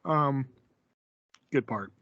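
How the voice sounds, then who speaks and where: A man's voice: mid-range voice, drawn-out words, fairly bright tone, dry recording, lo-fi sound. A man co-hosting a podcast, casually recapping a film with lots of fillers and laughs. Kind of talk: casual chat.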